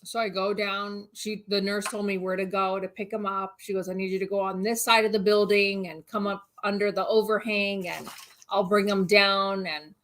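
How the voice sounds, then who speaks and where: A woman's voice: mid-range voice, moderate pace. A woman co-hosting a casual livestream, telling a story with lots of laughter and reading out viewer comments. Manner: animated, laughs through the story. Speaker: channel co-host.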